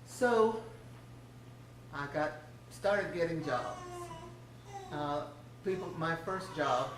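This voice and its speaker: A woman's voice: sits low, expressive, drawn-out words, a little hiss or hum. An older woman shares a homey, chatty personal testimony from a church platform. Her voice rings with room echo and sounds distant from the mic, with faint ambience behind. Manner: homey, chatty, laughs often. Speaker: church speaker giving a testimony. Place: church sanctuary.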